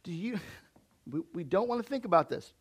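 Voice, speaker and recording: High-voiced male preacher. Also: lively intonation, normal speed, husky. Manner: conversational, questioning the congregation directly. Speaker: pastor. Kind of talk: sermon. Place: church.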